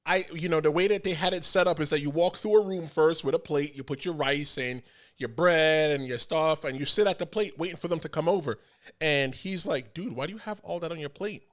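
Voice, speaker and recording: Man, high voice, podcast host, casual chat, animated storyteller. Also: fairly quick. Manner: animated storyteller, acts out quotes.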